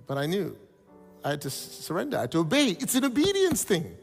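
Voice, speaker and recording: Pastor guy preaching in a big echoey church, soft music under it, voice jumps all over. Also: sits high, quick pace, husky. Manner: animated storytelling preacher, calls out congregation responses. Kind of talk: sermon. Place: church hall.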